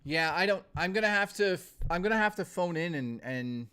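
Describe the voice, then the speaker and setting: A young adult man chatting casually on a live stream, ranting with lots of swearing and quick laughs. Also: high-pitched, lively intonation, sharp tone, clear, resonant tone. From Canada.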